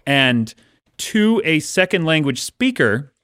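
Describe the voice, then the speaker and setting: A male author co-hosting a podcast, with a lively voice that swings up and down as he tells stories. He laughs easily. The sound is close and dry. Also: a little high, slow pace, clear, resonant tone, no echo. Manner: animated, storytelling, laughs easily. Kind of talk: casual chat.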